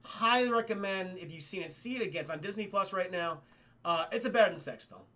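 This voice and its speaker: Bright, gravelly, high-voiced male streamer. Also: fast. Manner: excitable, profane, keeps addressing the chat. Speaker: streamer and film reviewer. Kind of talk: casual recap to a live chat.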